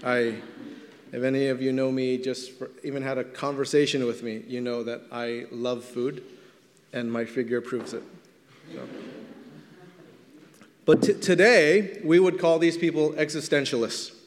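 A man's voice: medium pitch, steady tone, a little slow, long pauses. A man preaching a sermon as pastor, teaching in a conversational way and stretching words for emphasis. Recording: long hall reverb.

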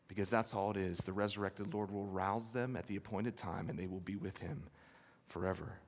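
A pastor with a lowish male voice preaches an expository sermon, telling stories in an earnest, emphatic way and repeating key phrases for weight. The recording has a long hall reverb.

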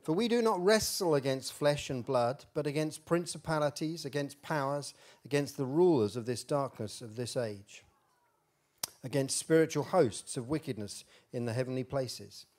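A man's voice: mid-range voice, lively intonation, moderate pace, a little mellow. Man reading scripture aloud. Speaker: scripture reader.

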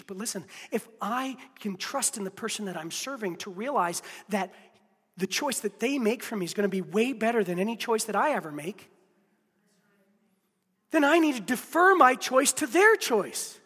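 Very high, bright-voiced impassioned pastor. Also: male voice, expressive, fairly quick, husky, in a large hall. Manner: impassioned, swings from hushed near-whisper to loud shouts. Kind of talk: sermon.

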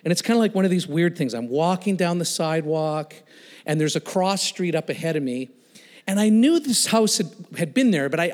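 A male guest speaker telling a personal story in a sermon, animated, laughing and acting out the voices of the people in it. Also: on the high side. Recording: long reverb of a large hall.

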